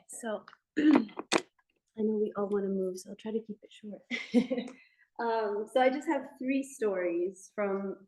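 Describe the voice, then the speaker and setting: A woman speaking softly and thoughtfully at a memorial gathering in a yoga studio, sometimes pausing to restart a thought. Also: mid-range voice. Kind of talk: casual personal reflection. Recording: roomy studio echo.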